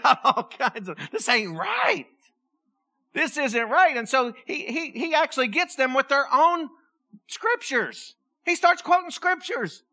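A woman pastor preaching a sermon in church in a lively, joking way, acting out voices as she tells the story. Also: high voice. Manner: animated, joking, acts out voices.

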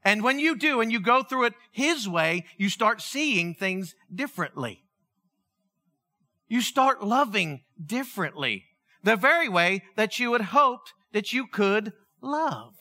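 A man's voice: high-pitched, animated, a little slow, sharp tone. A male pastor preaching a conversational sermon, acting out dialogue as he tells the story.

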